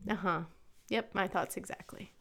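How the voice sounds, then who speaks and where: Middle-aged woman, radio co-host, bright forward voice, animated storyteller who laughs easily. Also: mid-range voice, normal speed. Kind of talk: casual radio chat.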